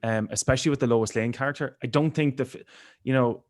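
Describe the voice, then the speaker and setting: A man co-hosting a casual film podcast, animated and acting out reactions. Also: mid-range voice, fast talker. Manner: animated, acts out reactions with big voices. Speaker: podcast co-host. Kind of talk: casual chat over video call.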